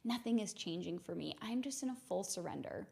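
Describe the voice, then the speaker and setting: Gravelly-voiced woman telling her story. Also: medium pitch, expressive, a little mellow. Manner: earnest, slows down to stress words. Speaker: podcast host. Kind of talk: reflective personal storytelling.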